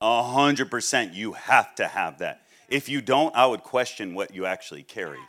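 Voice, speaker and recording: A man preaching a sermon as a guest speaker, joking and acting out the people he quotes, then dropping low and quiet for serious points. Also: normal speed. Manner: animated, jokey, acts out quoted people.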